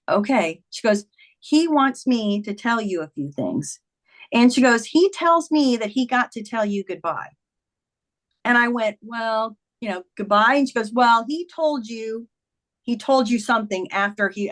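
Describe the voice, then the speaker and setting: A woman's voice: fairly high pitch, lively intonation, a little slow. A middle-aged woman, a memoir author, earnestly recounting a personal story in conversation, acting out quoted dialogue.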